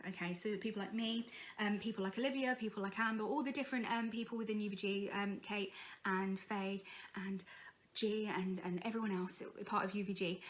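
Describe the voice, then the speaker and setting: A young woman running a casual vocal tutorial, talking in a friendly, encouraging way. She keeps checking in with her students and explains each exercise step by step. Her speaking voice sits at an ordinary middle pitch. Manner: chatty, encouraging, frequent "okay?" check-ins. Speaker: singing teacher.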